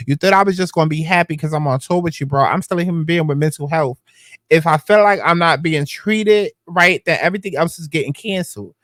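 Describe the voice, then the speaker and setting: A man reads out text messages and reacts to them with sarcastic, slangy commentary. His voice sits a little high for a man. The sound is close and dry, with no room echo. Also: fairly bright tone. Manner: sassy, slangy, sarcastic asides. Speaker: commentary channel host.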